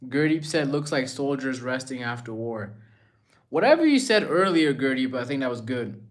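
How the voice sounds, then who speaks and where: A man's voice: mid-range voice, expressive, moderate pace. A young man casually chatting on a livestream, reading viewer messages aloud and musing in a laid-back way.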